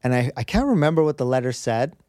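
A man's voice: medium pitch, sing-song, fast, darkish tone, no echo, studio quality. A man as a podcast guest, telling a personal story in an earnest, rambling way with many restarts. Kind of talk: candid storytelling in conversation.

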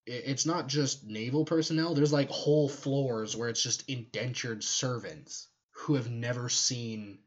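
A man's voice: medium pitch, fairly even intonation, measured pace, few pauses, lo-fi sound. A man co-hosting a podcast, animatedly explaining a fictional universe's lore in casual chat with joking asides. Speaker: podcast co-host.

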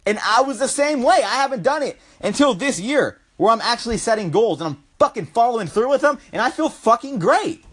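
A man's voice: very high voice, animated, a little fast, hardly any pauses, fairly bright tone. A man delivering an impassioned, swear-filled ranting monologue, constantly saying bro and dude. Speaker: vlogger.

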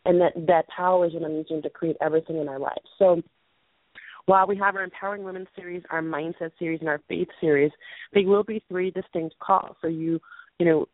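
Her voice going hoarse, a woman in her late twenties co-hosts a call-in show, giving a casual announcement in a low register. She rambles earnestly, clearing her throat and starting sentences over, over a tinny, thin phone line without any echo.

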